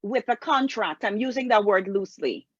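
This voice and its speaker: A woman hosting an interview, asking careful, deliberate questions. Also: mid-range voice, lively intonation, husky, dry recording. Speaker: interview host. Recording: dull lo-fi recording.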